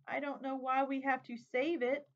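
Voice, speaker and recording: A woman's voice: high voice, level tone, normal speed, lo-fi sound, voice pushed up. A woman doing a tearful little girl, pleading. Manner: whiny, pleading.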